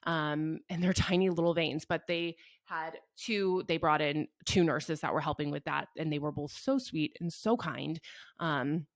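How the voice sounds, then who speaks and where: A woman's voice: deep voice, steady tone, unhurried, no room sound, clean studio sound. A young woman telling a personal story in a casual, chatty and earnest way, with frequent fillers. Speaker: mother telling her birth story.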